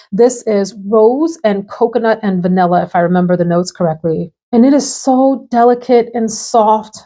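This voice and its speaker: A woman's voice: mid-range voice, warm tone. Bubbly chatty woman reviewing perfumes. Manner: bubbly, chatty, laughs often. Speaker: fragrance reviewer. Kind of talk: casual chat to camera. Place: home room with perfume shelves behind.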